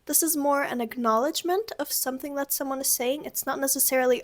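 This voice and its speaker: A woman's voice: high-pitched, steady tone, brisk, few pauses. A young woman teaching everyday sounds in a casual video lesson, chatty and acting out each sound with exaggerated tones. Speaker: language teacher.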